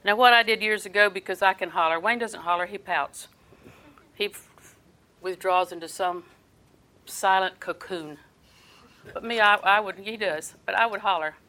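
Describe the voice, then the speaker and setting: Bright-voiced older woman preaching. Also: medium pitch, moderate pace, pauses often, low-quality recording. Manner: folksy storytelling, dropping to soft tones. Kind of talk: sermon.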